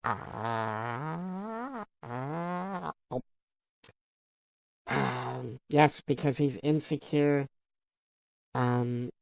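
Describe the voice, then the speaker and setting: A man's voice: mid-range voice, creaky, smooth, no room sound, poor audio. A man on a live stream, chatting casually, laughing often and reading viewers' comments aloud. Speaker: livestreamer.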